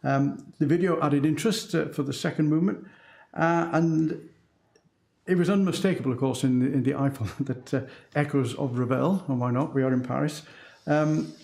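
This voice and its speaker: A man's voice: fairly high pitch, normal speed, gravelly, darkish tone, reverberant. A man giving thoughtful commentary on a band performance as an adjudicator.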